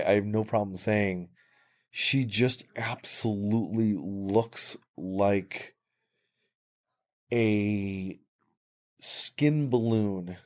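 Podcast co-host, male, somewhat low voice, blunt and opinionated, casual chat with restarts. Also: darkish tone. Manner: opinionated, frequent restarts, drawn-out phrasing.

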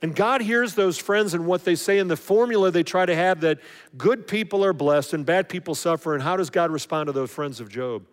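Male pastor, conversational sermon, slightly high voice, long hall reverb. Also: a little fast. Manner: conversational, acts out voices of others.

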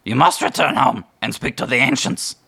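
A man voicing a solemn talking raven messenger in a high, loud squawk. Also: lively intonation, moderate pace, gravelly, husky, full character voice.

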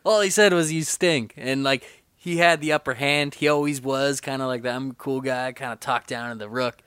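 Man, podcast co-host, bright and clear voice, dry close sound, animated film chat. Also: mid-range voice, dry recording. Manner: animated, acts out movie scenes in quick impressions.

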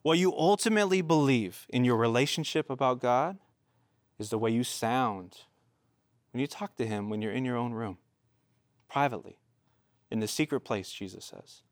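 A man's voice: mid-range voice, normal speed, long pauses, no echo, clean studio sound. A man preaching as a pastor, earnest and conversational. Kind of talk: sermon.

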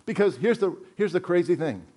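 A man's voice: high voice, lively intonation, brisk, warm tone. A man, a pastor, preaching a sermon in an earnest, emphatic way, repeating phrases for weight.

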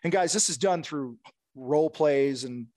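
Blunt sales coach, male, slightly high voice, dry close recording, acts out client calls. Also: unhurried, darkish tone, no room sound. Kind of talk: casual podcast talk.

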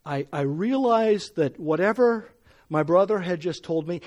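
A middle-aged man delivers a sermon in an earnest, personal tone. His voice sits a little high, and he presses into strong, measured emphasis on key phrases. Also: lively intonation, a little mellow. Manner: earnest, rising to emphatic when reading scripture. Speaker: preacher.

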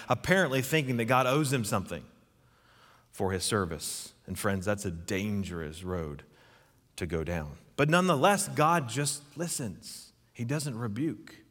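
Low-voiced male preacher in a reverberant hall. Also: a bit bright. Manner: earnest, emphatic, asks the listeners questions. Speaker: pastor. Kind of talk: sermon.

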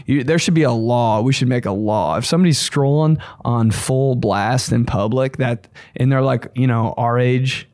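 A young man hosting a podcast, riffing in a casual comedic monologue with crude jokes and sudden shrill put-on voices. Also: normal speed, hardly any pauses, no echo, clean studio sound. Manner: animated, crude, puts on shrill voices for bits. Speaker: podcast host.

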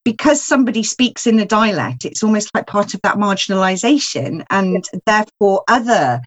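A woman's voice: medium pitch, lively intonation, moderate pace. A woman writer, a guest in a casual discussion, thinking aloud in a reflective way with many asides. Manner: reflective, thinks aloud, frequent "you know".

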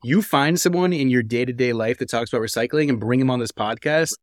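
A man's voice: medium pitch, quick pace, no echo. Dry-voiced man hosting a casual podcast. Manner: rambling, restarts often, poses questions. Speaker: podcast host.

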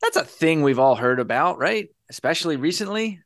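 A man hosting a podcast with a fairly high, very animated voice that leaps up and down. His delivery is wry and sarcastic. The sound is dry and close. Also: brisk, dry recording. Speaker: podcast host. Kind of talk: casual podcast chat.

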